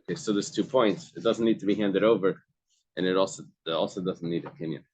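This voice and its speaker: Guy teaching a text class, lowish voice, reads then explains, lots of um and restarts. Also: quick pace, darkish tone, slight background noise. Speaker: Talmud class leader. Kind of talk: explaining a text to a study group.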